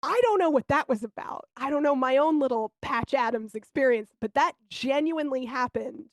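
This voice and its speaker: A woman co-hosting a podcast, telling candid, animated stories in casual chat and swearing now and then. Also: high-pitched, normal speed, dry recording. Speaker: podcast co-host.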